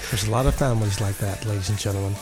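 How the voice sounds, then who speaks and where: A man's voice: on the low side, fairly even intonation, very fast. Easygoing man chatting over faint music. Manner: brief, easygoing interjections. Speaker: podcast co-host. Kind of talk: casual chat.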